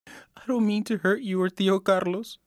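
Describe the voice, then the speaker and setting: A woman's voice: mid-range voice, fairly even intonation, normal speed, no room sound, clean studio sound, natural voice. Woman playing a sullen young man. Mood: anguished. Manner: sullen, guarded, anxious. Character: troubled twenty-year-old young man.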